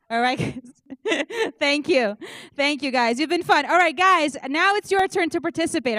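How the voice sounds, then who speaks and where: A woman warming up an auditorium audience, joking and leading rounds of applause with loud, energetic calls. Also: sits high, moderate pace, dry recording. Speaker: audience warm-up comedian. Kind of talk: stand-up warm-up, leading applause.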